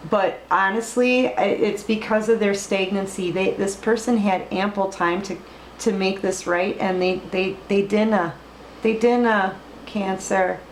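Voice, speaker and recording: A woman's voice: mid-range voice, fairly even intonation, a little slow. A woman giving a late-night tarot reading, emphatic, repeating words and trailing off with fillers. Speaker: tarot reader. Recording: echoey room with faint background noise.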